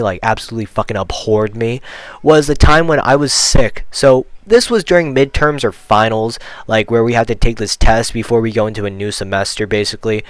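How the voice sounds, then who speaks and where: A man's voice: on the low side, clean tone, no room sound, low-quality recording. A teenage guy telling a casual storytime rant, rambling and profane, full of "like". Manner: rambling, profane, heavy use of "like". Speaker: vlogger.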